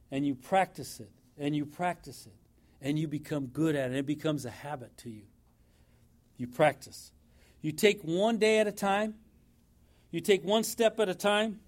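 Man preaching, fairly high voice, emphatic, repeats lines, church sermon. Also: a little mellow. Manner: emphatic, repeats phrases for effect.

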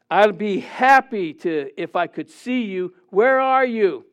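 A man's voice: high-pitched, lively intonation, unhurried, few pauses, dull audio. A man preaching a sermon, reading scripture aloud and telling a story with asides to the congregation. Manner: reads scripture then tells a joke with audience asides and laughter. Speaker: pastor.

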